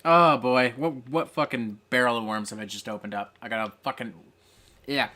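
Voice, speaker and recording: A streamer hosting a casual live gameplay stream, swearing a lot, breaking into excitable rants and reading viewer chat aloud. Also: medium pitch, moderate pace. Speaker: streamer host.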